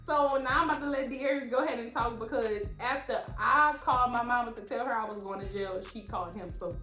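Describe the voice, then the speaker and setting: A woman's voice: fairly high pitch, quick pace, soft background music. A young woman from Louisiana, telling a story in a casual vlog and acting out the voices in it. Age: young adult. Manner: animated, acts out the voices in her story. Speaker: vlogger. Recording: roomy echo, faint background beats.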